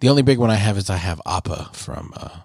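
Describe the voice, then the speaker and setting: A young man co-hosting a casual podcast, speaking in a low-key, flat, near-monotone way. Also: quick pace, vocal fry, slightly rough, dry recording, clean studio sound. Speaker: podcast co-host.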